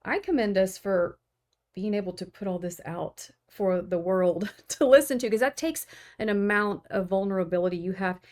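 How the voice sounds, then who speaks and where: A woman with a Texas twang co-hosts a podcast in casual conversation. Her voice sits at an ordinary, mid-range pitch, and she speaks earnestly and encouragingly. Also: moderate pace, darkish tone. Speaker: podcast co-host. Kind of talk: casual chat.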